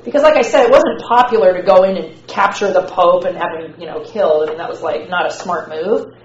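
A woman's voice: lowish voice, brisk. A woman teacher giving a casual classroom lecture, chatty and slangy with lots of fillers. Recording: echoey, muffled classroom recording.

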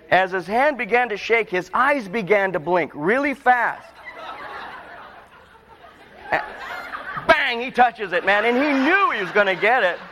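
A man's voice: high voice, slight background noise. Preacher man in a reverberant hall. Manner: storytelling, rising to emotional pleas then dropping quiet. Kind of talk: sermon.

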